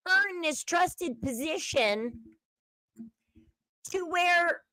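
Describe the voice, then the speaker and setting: High-voiced chatty woman commentator. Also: expressive, drawn-out words, sharp tone, no echo, poor audio. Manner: chatty, opinionated, reads chat aloud. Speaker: livestream host. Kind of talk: casual commentary chat.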